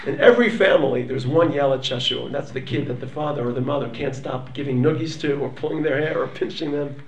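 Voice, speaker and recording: A man teaching a lively Torah class, dramatic in his delivery, swinging from low murmurs up to near-shouts. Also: fast talker, reverberant, recorded from a distance, a little hiss or hum. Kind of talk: animated Torah lecture.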